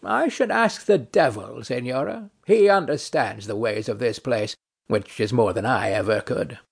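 A bored, ironic nobleman who lectures with dry mockery, voiced by a man reading a play. His speech is slow and gravelly, with a lively rise and fall. The voice stays fairly high for a man. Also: heavily acted. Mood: dryly mocking. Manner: dry, mocking, philosophical. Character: weary, ironic nobleman and duelist in hell. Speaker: audiobook narrator. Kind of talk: reading a stage play aloud.

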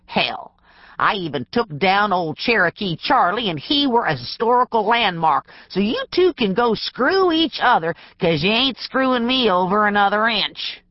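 Audiobook: narrator plays a crusty old hill-country storekeeper, snarling rural drawl, dull dry read. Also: female voice, mid-range voice, big pitch swings, normal speed, no room sound, voice pushed up. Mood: gloating. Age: older. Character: ornery old male mountain storekeeper.

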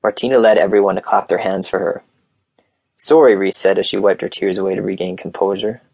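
A man narrating an audiobook in a plain, steady reading voice on a close mic. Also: low-pitched, quick pace, creaky, dry recording. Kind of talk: scripted narration.

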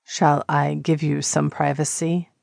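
A woman voicing a calm, gentle male sea god in an audiobook, speaking in a measured way. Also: sits low, vocal fry, no echo, clean studio sound, pitched below the performer's own voice, full character voice. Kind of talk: audiobook character reading.

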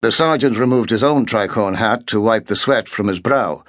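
A man reading a historical novel aloud in a measured, steady storytelling voice. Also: on the low side, no room sound, studio quality. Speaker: audiobook narrator. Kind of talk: scripted narration.

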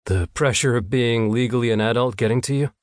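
A drowsy young ranch hand, voiced by a male narrator, speaks a touch higher than the storyteller around him. His words come groggy at first, then quicken with worry. The audiobook sound is dry and close. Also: dry recording, lightly acted. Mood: gentle. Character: young man, sleepy startled ranch hand. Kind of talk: audiobook dialogue.

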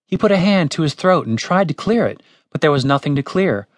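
A man reading a comic fantasy audiobook in a lively storytelling manner. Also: on the high side, a little fast, no room sound. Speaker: audiobook narrator. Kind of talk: scripted comic fantasy narration. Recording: dry studio recording.

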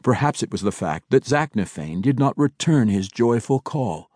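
A man narrating a fantasy audiobook in a measured, dramatic storytelling manner. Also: mid-range voice, lively intonation, darkish tone, no room sound, studio quality. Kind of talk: scripted narration.

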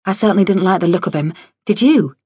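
Woman reading as a bold young woman historian, brisk and blunt, a bit higher, dry booth. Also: dark tone, husky, dry recording. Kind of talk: audiobook character voice. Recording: dry studio audio.

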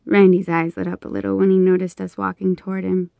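A woman narrating a romance audiobook in the first person, with measured storytelling. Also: on the low side, flat delivery, gravelly, warm tone, no room sound.

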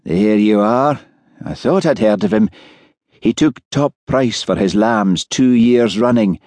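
A man voicing an easygoing, shrewd Highland village policeman who talks calmly and wryly. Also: measured pace, no echo, lightly acted.

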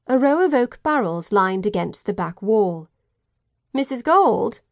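A woman narrates an audiobook in a measured, even storytelling voice. Her pitch sits in the middle range. The recording is dry and close. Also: no echo. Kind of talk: scripted narration.

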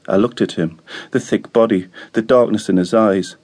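A man reading a novel aloud as an audiobook narrator, calm and measured. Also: lowish voice, slightly rough.

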